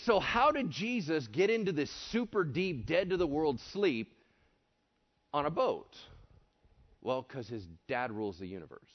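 A man preaching a sermon in an animated way, acting out voices and swinging between hushed and shouted lines. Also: on the high side, unhurried, highs cut off. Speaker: pastor.

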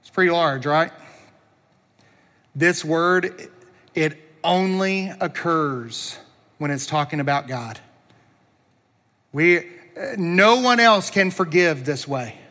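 Male pastor, high and bright voice, earnest emphatic sermon delivery. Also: takes it slowly, long pauses, big-room sound. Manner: earnest preaching with emphatic repetition and rhetorical questions.

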